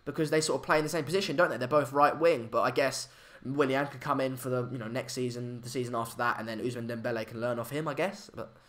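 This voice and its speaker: A man's voice: medium pitch, fairly even intonation, fast, few pauses, fairly bright tone. A young man, hosting a casual live stream chat, hesitant with many fillers and restarts. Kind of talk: casual live match chat, reading comments.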